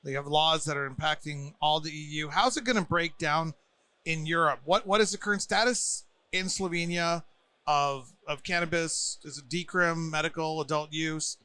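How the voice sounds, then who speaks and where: A man's voice: on the high side, bright, forceful tone, clean tone, no echo. A man hosting a podcast, talking in a chatty, playful way and interviewing guests at a conference. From United States. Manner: chatty, playful, quick bursts of talk. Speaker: podcast host. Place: busy conference venue.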